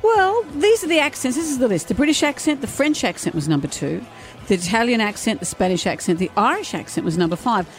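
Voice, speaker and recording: A woman's voice: a little high, very animated, quick pace, faint music behind. A woman co-hosting a breakfast radio show, bantering with dry, teasing put-downs. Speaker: radio co-host.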